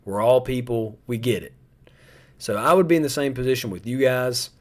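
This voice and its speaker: A man's voice: medium pitch, moderate pace. A young adult man, hosting a live stream in casual, rambling chat aimed straight at his viewers.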